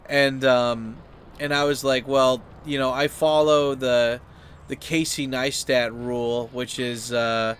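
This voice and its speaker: A man's voice: level tone, slow, slight background noise. A man, host of his channel, telling a story as a casual rant, full of "like" and fillers and acting out the people he quotes. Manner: rambling, heavy use of "like" and fillers; acts out quoted people with sudden high, loud outbursts.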